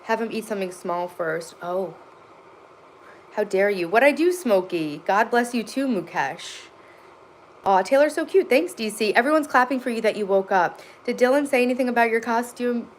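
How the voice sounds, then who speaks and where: A woman's voice: a little high, animated, moderate pace, slight background noise. A bubbly, enthusiastic woman hosting a casual livestream from her home kitchen, reading viewer comments aloud. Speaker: livestream host.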